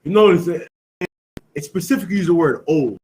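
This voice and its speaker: Teaching a scripture class, a man quizzes his students with repeated questions, emphasizing key words in a call-and-response style and sprinkling in "you know what I'm saying." His voice is fairly high, brisk, lively, and slightly mellow, though the recording quality is poor.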